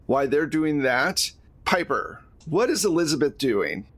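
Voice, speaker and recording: A man narrating as the game master of a tabletop role-playing game, relaxed and talkative, laughing easily. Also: a little high, a little slow.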